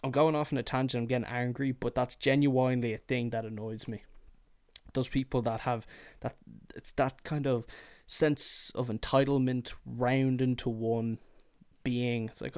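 A man of middle pitch rants alone on his podcast, swearing freely and getting worked up. He keeps slipping into whiny mocking voices to make his point. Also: fairly even intonation, measured pace, clean tone. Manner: profane, heated, swears freely; slips into mocking whiny impressions. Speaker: podcast host. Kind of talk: solo ranting monologue.

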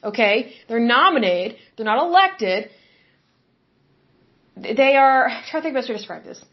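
A woman's voice: a little high, big pitch swings, moderate pace. A woman hosting a podcast, giving opinionated solo commentary in an emphatic, conversational way that circles back to her points, with a touch of hiccups. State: has hiccups. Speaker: podcast host. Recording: slightly dull lo-fi recording.

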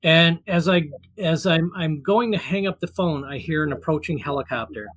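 Bright-voiced man telling a rambling story. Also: fairly high pitch, normal speed, no echo. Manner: rambling, many fillers and restarts; acts out quoted voices. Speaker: guest storyteller. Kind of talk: casual anecdote.

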